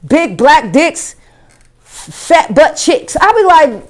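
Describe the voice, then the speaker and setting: A woman comedian riffs, crude and incredulous. Her voice sits a little high and swings up in disbelief. She talks in a loose, profane stand-up rant. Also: very animated, slow pace.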